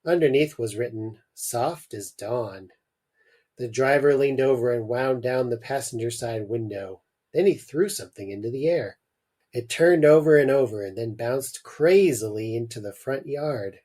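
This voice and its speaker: On his podcast, the host reads a short story aloud at a moderate clip, his mid-range voice expressive and sprinkled with jokey asides.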